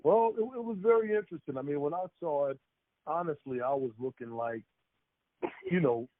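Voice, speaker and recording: A man's voice: fairly high pitch, moderate pace, dry recording. A man hosting a casual talk show, leading the discussion and bringing in his panel. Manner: lively, leads the discussion. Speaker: host. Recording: tinny phone-like line.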